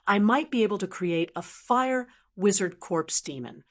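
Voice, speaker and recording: A calm, proud, wealthy necromancer knight, as a woman narrator puts him on. He speaks evenly and explains things patiently, in a fantasy audiobook read at a middle pitch. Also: a little slow.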